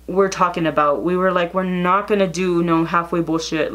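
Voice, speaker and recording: Blunt, gossipy woman with a low-ish voice. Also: moderate pace, fairly bright tone. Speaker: vlogger telling a story. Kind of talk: casual storytime, reading out text messages.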